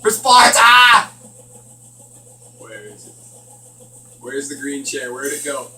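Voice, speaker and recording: A man's voice: mid-range voice, fairly even intonation, measured pace, a bit bright, far from the mic, a little hiss or hum. A man giving nervous, joking commentary while he plays a horror game. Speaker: gaming channel host. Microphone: distant from the mic. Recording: echoey room, voice off the mic.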